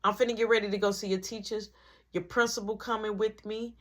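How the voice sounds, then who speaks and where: A woman's voice: mid-range voice, fairly even intonation, fairly quick, fairly bright tone, natural voice. A woman voicing a stern mother of a teenager, speaking in a cool, pointed, matter-of-fact way. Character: stern, knowing mother of a teen.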